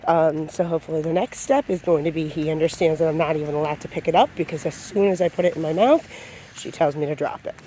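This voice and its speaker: A woman dog trainer gives a calm, low-key lesson on leash handling while walking outside, talking with many fillers. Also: fast talker, slight background noise. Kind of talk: outdoor training demonstration. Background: passing vehicles.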